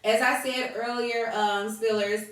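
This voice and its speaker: A middle-aged woman co-hosting a casual podcast with her husband, talking in an animated way and laughing often. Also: a little high, unhurried. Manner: animated, laughing, quotes people in put-on voices. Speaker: podcast co-host. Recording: echoey room, mic at a distance.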